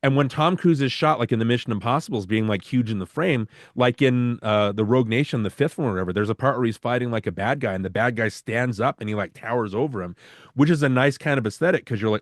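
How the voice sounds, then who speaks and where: A man co-hosting a podcast, chatting casually about films in a rambling way, full of fillers and quick to laugh. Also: medium pitch, dry recording, studio quality. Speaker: podcast co-host. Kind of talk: casual film-discussion chat.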